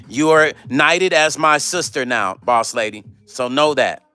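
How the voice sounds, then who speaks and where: Bright-voiced man telling stories on a live stream. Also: medium pitch, a little slow, faint music behind. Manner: animated, swearing, acts out quoted voices, talks to chat. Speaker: vlog host reading live chat. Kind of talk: casual live-stream storytelling.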